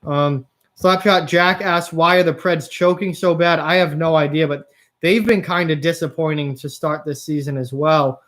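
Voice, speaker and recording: A young man with a high, light voice hosts a live stream. He chats casually with viewers, answering their comments one by one. He grumbles openly about how badly his game picks are going. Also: fairly even intonation, normal speed, a bit bright. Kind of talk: live reaction stream chat.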